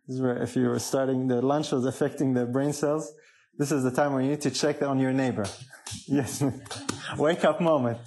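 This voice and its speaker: A man's voice: mid-range voice, fairly even intonation, normal speed, darkish tone. A man preaching a sermon, emphatic, often asking the congregation questions.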